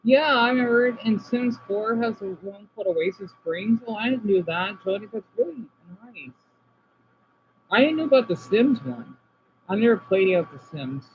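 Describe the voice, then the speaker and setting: High-voiced man chatting with his live chat. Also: normal speed, highs cut off, slight background noise. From Arizona, US. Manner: chatty, reacts aloud to comments, swings between subdued and excited. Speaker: streamer reading live chat. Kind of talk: casual live-stream chat.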